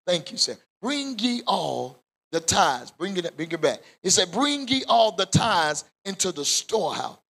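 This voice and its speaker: A man a Bible study sermon in call-and-response style, rising to shouts at the peaks. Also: sits high. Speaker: pastor.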